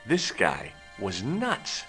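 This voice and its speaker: A wisecracking young adventurer in a game, questioning people and narrating with dry irony. His mid-pitched voice moves lively up and down, with soft game music behind it. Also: extremely slow, heavily acted. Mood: wry. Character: wry young male adventurer posing as a doctor. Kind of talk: video game voice acting.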